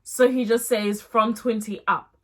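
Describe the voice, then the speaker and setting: A young adult woman vlogger casually telling a storytime tale, chatty and animated, with slangy asides. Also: on the high side, unhurried.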